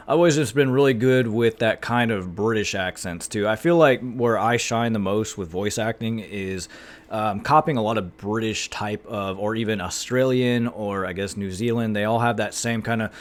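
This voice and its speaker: A man's voice: mid-range voice, moderate pace. A man with an American accent, talking casually to camera as a YouTuber, rambling and chatty with many fillers. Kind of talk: casual vlog talk to camera.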